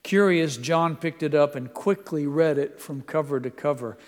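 A man preaching a sermon, reading quotes aloud in an earnest voice and moving into a quiet prayer. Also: fairly high pitch, normal speed, in a large hall.

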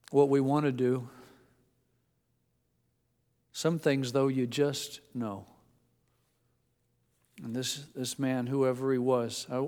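Older male preacher, earnest and chatty, slightly high voice, echoing church room. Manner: earnest, conversational, with small restarts. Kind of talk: sermon. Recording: echoey hall.

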